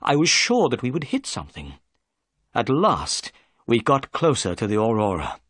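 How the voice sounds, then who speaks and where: A man giving clear, measured narration of a graded reader story. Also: mid-range voice, wildly swooping pitch, fairly bright tone, no echo, clean studio sound.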